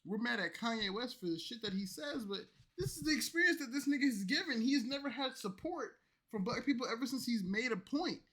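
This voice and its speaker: Tipsy man ranting loudly, then mumbling. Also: very high-pitched, brisk. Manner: profane, animated, swings from loud outbursts to mumbling. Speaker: streamer reacting to clips. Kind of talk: loose ranting commentary.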